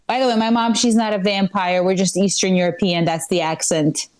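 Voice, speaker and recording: A woman's voice: mid-range voice, fairly even intonation, a little fast, rough recording. A woman performing a live stand-up set at a comedy club, rambling and self-deprecating with many fillers and restarts.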